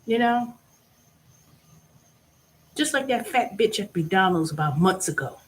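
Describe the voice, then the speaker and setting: A woman hosting her own vlog, giving a blunt, profane monologue that swings between loud bursts and low asides. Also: lively intonation, unhurried, slight background noise. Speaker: vlog host. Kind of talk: casual ranting monologue.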